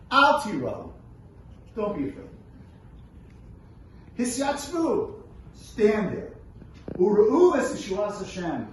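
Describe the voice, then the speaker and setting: Male rabbi, high and very expressive, teaching with rhetorical questions, distant mic in a boomy room. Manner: animated, asks rhetorical questions, reads verses and translates them. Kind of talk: Torah lesson. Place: event room at a brunch. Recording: very echoey room from far off, faint noise.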